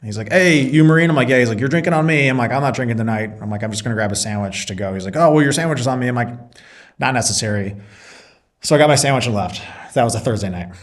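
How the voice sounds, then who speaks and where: A man's voice: mid-range voice, rapid-fire. A man being interviewed, a Marine reservist and business owner, telling a story in casual chat and acting out both sides of the dialogue.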